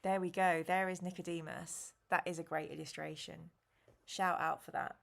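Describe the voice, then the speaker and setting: A woman's voice: lowish voice, flat delivery, normal speed, creaky. A woman hosting a live stream, reading an interactive gamebook aloud and reacting animatedly to chat and choices.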